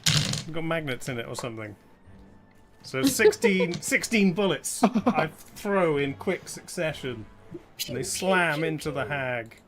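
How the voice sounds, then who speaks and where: A man's voice: fairly high pitch, expressive, unhurried, over music. A man acting as game master of a live tabletop game, narrating dice rolls and often chuckling.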